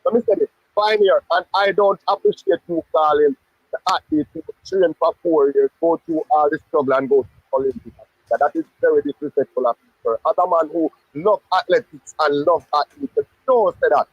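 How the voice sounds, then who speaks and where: A man with a Jamaican accent hosting a casual sports live stream, talking in an insistent, animated way. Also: on the high side, brisk, husky, dry recording. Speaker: sports show host. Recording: muffled dry lo-fi audio.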